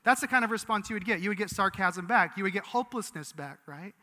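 A man's voice: sits high, animated, quick pace, bright, forceful tone. A man giving a sermon as pastor, earnest and conversational, with frequent restarts. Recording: long reverb of a large hall.

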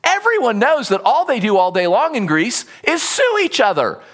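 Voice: medium pitch, wildly swooping pitch, moderate pace, a bit bright. A preacher voicing a male foreign traveler in a retold comedy. The traveler laughs off the locals and insists he cannot be where they say he is. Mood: incredulous. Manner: incredulous, dismissive.

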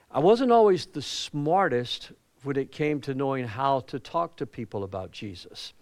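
A middle-aged male pastor preaching a sermon, telling personal stories and acting out quoted lines with a voice that climbs higher and louder. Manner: animated preaching, acts out quotes with rising pitch and volume; conversational, personal storytelling.

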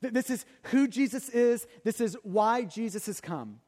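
High-voiced preacher man in a reverberant hall. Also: lively intonation, moderate pace. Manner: conversational, stammers and repeats words, builds to loud emphatic peaks. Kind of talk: sermon.

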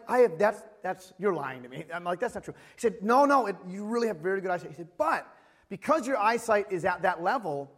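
A male pastor in his thirties giving a sermon, opening with a self-deprecating, animated personal story. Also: sits high.

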